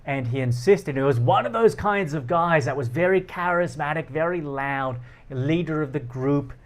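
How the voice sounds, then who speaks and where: A man hosting a philosophy talk, explaining ideas through personal stories, animated and often laughing. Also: on the high side, normal speed. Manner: animated, laughs often, acts out quoted lines. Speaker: philosophy channel host. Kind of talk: explanatory monologue with personal anecdotes.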